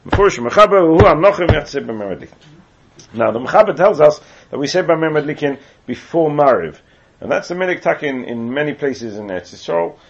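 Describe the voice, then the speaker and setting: A man's voice: on the high side, lively intonation, fast, creaky, a little hiss or hum. A man from England teaching a Torah lesson, reading Hebrew text aloud and then explaining it in English, with asides along the way. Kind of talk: Talmudic lecture. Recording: muffled lo-fi recording.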